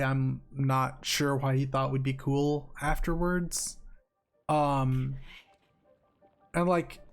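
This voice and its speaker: A young man streaming, telling a story while gaming, heated and swearing freely with frequent restarts. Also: on the high side.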